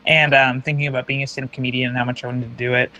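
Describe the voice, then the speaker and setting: A man co-hosting a casual livestream chat, talking in a reflective, halting way and reading out viewer comments. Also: medium pitch, little pitch movement, bright, forceful tone, rough recording. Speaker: podcast co-host reading chat.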